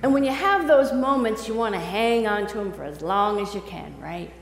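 A woman pastor preaching a sermon in a conversational, animated storytelling way. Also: mid-range voice, moderate pace, creaky, echoey room, in a large hall, a little hiss or hum, poor audio. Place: church sanctuary.

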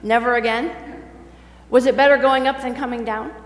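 In a big church sanctuary with an echo and a slight hum, a female preacher reads scripture before moving into a chatty sermon where she asks the congregation questions. Her fairly high voice stays steady at a normal pace.

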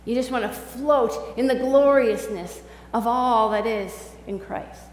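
A high-pitched woman pastor delivers a sermon, talking to the congregation in a casual, animated storytelling style. Her voice rings through a church sanctuary with long, echoing reverb. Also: a little slow, a little hiss or hum. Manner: conversational, animated storytelling preaching.

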